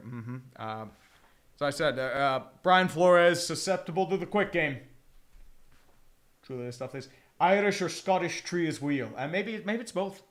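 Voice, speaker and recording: A man's voice: on the high side, expressive, a little slow, fairly bright tone. A man streaming a football watch-along, chatting casually and profanely, with bursts of mock play-by-play calls. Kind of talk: casual live game commentary.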